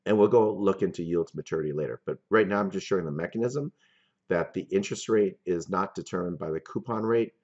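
Low-voiced man giving a finance lecture. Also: quick pace, darkish tone, muffled recording. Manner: methodical, explains step by step with worked examples. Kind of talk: recorded lecture.

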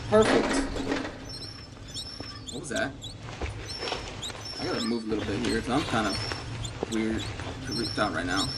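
A man streams a horror game through his headset, his voice leaping all over its range as he chats nervously at the creatures on screen. A loud hiss of background noise runs under everything he says. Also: medium pitch. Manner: jumpy, talks back to game monsters, yelps when startled. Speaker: gaming channel host. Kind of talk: horror game let's play commentary. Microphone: gaming headset.

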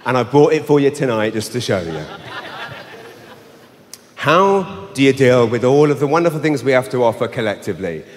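A man's voice: medium pitch, lively intonation, normal speed, pauses often. A man with a London English accent doing a brash, sweary stand-up set live in a large arena on a handheld mic. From England. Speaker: stand-up comedian. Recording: live arena with long reverb, faint hum.

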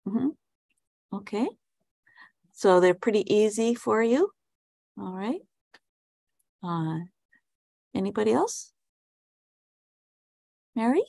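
A woman's voice: medium pitch, expressive, slow, vocal fry, pauses often, dark tone, no room sound. A woman teaching an online English class over a video call, talking hesitantly with frequent ums and restarts while asking students friendly questions. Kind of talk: casual online class talk.

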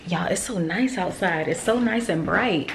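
A woman, chatting excitedly and directly to her viewers in a casual vlog at home and in her car. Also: on the low side, moderate pace, creaky, noisy background. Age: 30s. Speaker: vlogger.

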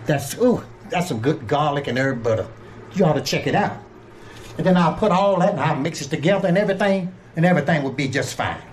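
An older man from Georgia hosts a casual cooking vlog, chatting in a playful, folksy way and calling his viewers closer. His voice sits fairly high for a man. A faint hum of noise runs under the recording. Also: expressive, brisk. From Georgia, USA. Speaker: home cook and channel host.

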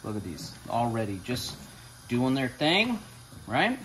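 A man's voice: medium pitch, sing-song, unhurried, a bit bright, a little hiss or hum. A man hosting a casual home cooking demonstration, talking loosely and cursing as he hypes up the food in his kitchen. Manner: loose, swearing, hyped-up kitchen banter. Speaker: cooking show host. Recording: roomy sound, mic at a distance.

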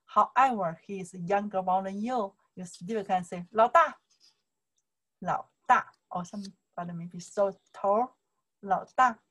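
A woman's voice: mid-range voice, a bit bright. Chinese woman teaching in simple English. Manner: repeats phrases, simple broken English. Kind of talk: explaining to camera.

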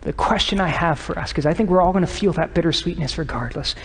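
Earnest pastor, voice ringing in a hall. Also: male voice, fairly high pitch, fast, vocal fry. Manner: earnest, conversational preaching that drops to hushed tones. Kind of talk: sermon. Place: church sanctuary. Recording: long church reverb.

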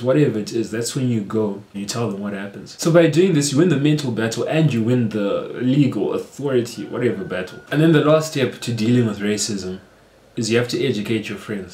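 Earnest man giving advice in an echoey room. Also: medium pitch. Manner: earnest, steady, explanatory. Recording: roomy echo.

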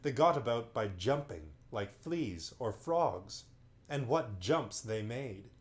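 Brief: male bedtime storyteller, medium pitch, unhurried and expressive. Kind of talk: reading a children's novel aloud on a livestream.

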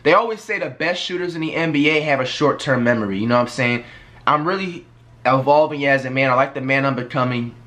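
A man's voice: medium pitch, fast talker, a bit bright. A man hosting a reaction video, talking casually and reflectively with many fillers. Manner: fillers like "you know what I'm saying", reflective. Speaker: reaction channel host.

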